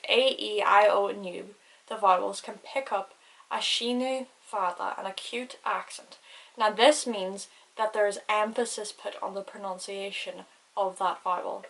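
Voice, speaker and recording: A woman's voice: mid-range voice, fairly bright tone, rough recording. A woman giving a casual language lesson who spells words out and stresses vowels carefully. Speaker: Irish language teacher.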